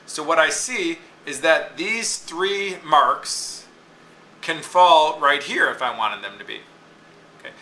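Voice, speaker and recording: A man's voice: on the high side, expressive, slow pace, pushed and bright, reverberant, low-quality recording. A man teaching a lesson, explaining step by step and often checking in with "okay?". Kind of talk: classroom lecture on poetic meter.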